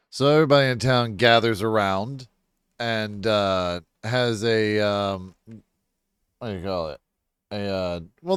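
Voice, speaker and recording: A man's voice: fairly low pitch, smooth, dry recording, clean studio sound. A man casually reacting live to a movie he is watching, rambling, swearing and acting out lines in silly raised voices.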